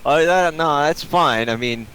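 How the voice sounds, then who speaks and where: A man's voice: on the high side, a little slow, a bit bright, a little hiss or hum, rough recording. A man co-hosting a podcast in casual chat, making crude, offhand jokes. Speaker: podcast co-host.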